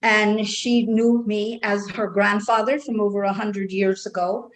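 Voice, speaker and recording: A woman speaking as a trance channel with an Irish brogue, talking slowly and soothingly for a group of guides. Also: medium pitch, fairly even intonation, a little hiss or hum, low-quality recording.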